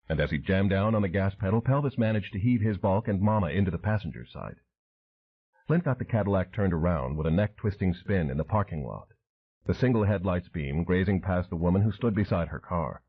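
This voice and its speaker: A man's voice: sits low, expressive, fairly quick, husky. A man narrating an audiobook thriller with dramatic storytelling. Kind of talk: scripted narration. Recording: tinny phone-like audio.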